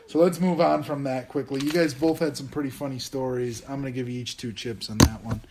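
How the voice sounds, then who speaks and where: A man's voice: medium pitch, steady tone, brisk, heavy background noise. A man in his thirties hosting a casual podcast chat, telling a self-deprecating story. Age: 30s. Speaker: podcast host.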